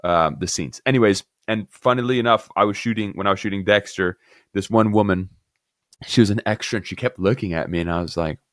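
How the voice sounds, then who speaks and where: A man's voice: lowish voice, brisk, dry recording, clean studio sound. A man from Miami, an actor guest, telling anecdotes in a casual interview and acting out the dialogue. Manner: animated anecdotes, acts out dialogue.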